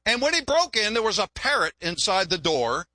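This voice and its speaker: A man's voice: high-pitched, sing-song, fairly quick, pushed and bright, no echo. An older man, a longtime pastor, preaching a folksy, joking sermon and often repeating words.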